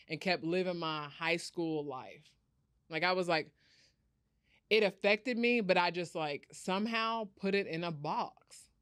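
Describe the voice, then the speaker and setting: Woman, animated storyteller, smooth clear voice, dry close sound. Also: on the low side, normal speed, no echo. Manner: animated, acts out quoted voices. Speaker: guest, startup founder. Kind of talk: storytelling in an interview.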